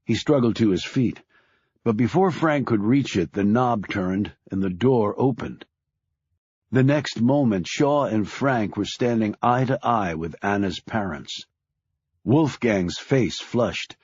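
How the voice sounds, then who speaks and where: A man reading a thriller audiobook in a grave, measured way, dropping low on sad lines. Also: expressive, a little mellow, breathy edge, dry recording, highs cut off. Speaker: audiobook narrator. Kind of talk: scripted audiobook narration.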